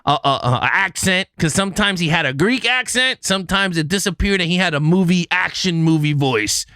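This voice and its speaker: A young man co-hosting a movie review podcast, talking casually and joking, with animated restarts. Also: sits high, brisk, clear, resonant tone, no echo, clean studio sound. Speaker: podcast co-host.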